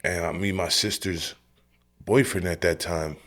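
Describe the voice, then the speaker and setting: A man in his forties giving his personal testimony as a podcast guest, telling it in a streetwise, animated way. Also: deep voice, measured pace. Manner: animated storytelling, acting out his own past lines; streetwise, direct, says "bro" and "yo".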